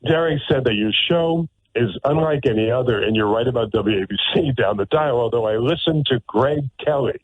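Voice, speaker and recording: Brisk and with few pauses, a mid-range male voice holds forth on his radio show, opinionated, sarcastic, and repeating words for emphasis. The studio recording is dry and comes through tinny and narrow-band.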